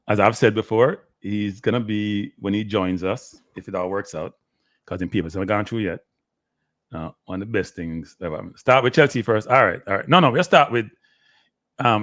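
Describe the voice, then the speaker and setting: A low-voiced man hosts a casual live sports stream, rambling on and chatting to his viewers by name. His throat is dry, and the sound is close and dry with no room echo. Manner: rambling, talks to the chat by name, slips into Caribbean patois.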